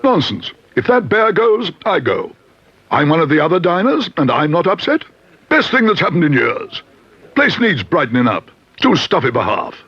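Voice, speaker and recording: A man voicing a bluff old gentleman diner, speaking in brusque, clipped phrases in a cartoon. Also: fairly high pitch, sing-song, moderate pace, husky, dry recording, full character voice. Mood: gruff. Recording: dull old TV soundtrack with hiss.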